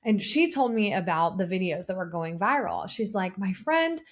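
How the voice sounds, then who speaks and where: A woman's voice: lowish voice, expressive, moderate pace. A woman in her thirties hosting a health podcast, speaking earnestly and personally as a nurse practitioner, with frequent fillers and restarts. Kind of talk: solo podcast talk.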